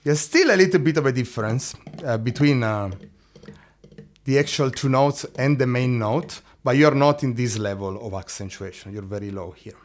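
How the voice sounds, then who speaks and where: Man, drum teacher, counts beats, sings rhythm syllables, middle pitch. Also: moderate pace. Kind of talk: drum lesson explanation.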